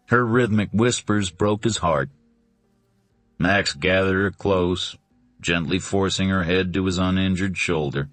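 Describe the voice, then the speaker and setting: A man narrating a suspense novel in a deliberate, dramatic reading. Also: low-pitched, dry recording, soft background music. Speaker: audiobook narrator.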